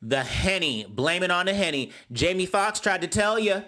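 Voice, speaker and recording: A young man giving a sassy, dramatic recap of a reality show, often mimicking cast members in high voices. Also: very animated, moderate pace, sharp tone. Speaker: YouTube reality TV reviewer. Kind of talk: casual commentary recap.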